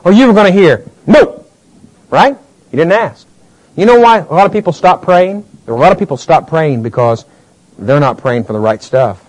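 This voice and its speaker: A male pastor preaching a sermon, climbing to near-shouts and then falling to a low, slow delivery. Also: lively intonation, dry recording, low-quality recording.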